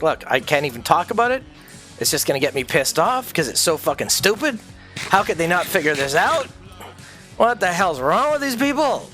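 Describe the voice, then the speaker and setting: Male streamer, high-pitched, profane and intense, rambling rant delivery; faint music bed. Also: a bit bright. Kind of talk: ranting livestream monologue.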